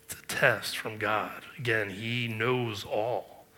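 A man's voice: fairly low pitch, fairly even intonation, takes it slowly, bright, forceful tone. A man preaching a sermon, earnest and emphatic, with rhetorical questions. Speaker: pastor.

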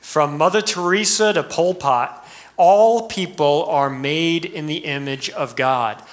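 A middle-aged man preaching a sermon in a lively way, breaking into sudden high, mocking asides. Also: slow pace. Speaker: pastor.

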